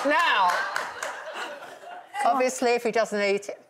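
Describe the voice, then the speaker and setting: High, giggly woman panelist. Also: very animated, unhurried, very noisy. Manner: playful, giggly. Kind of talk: live daytime panel chat.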